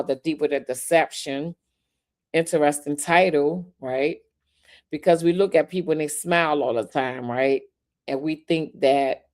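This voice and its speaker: Low-voiced woman hosting a live chat. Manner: laughing, animated, talks straight to viewers. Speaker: podcast host. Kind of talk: casual live-stream chat.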